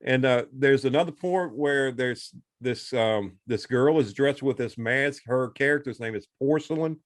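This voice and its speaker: A man's voice: mid-range voice, measured pace, dry recording, clean studio sound. A man casually retelling a movie, rambling along and acting out the characters' lines. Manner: rambling, animated retelling with acted-out quotes. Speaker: podcast co-host. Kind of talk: casual chat.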